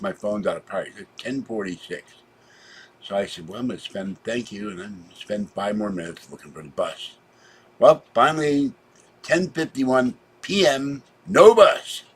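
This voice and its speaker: A man with a husky, slightly low voice, recounting his day in a long, rambling monologue. He sounds worn out and drifts between quiet asides and sudden loud outbursts, with a chatty, meandering delivery. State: tired, low on energy. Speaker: vlogger. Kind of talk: rambling personal storytelling.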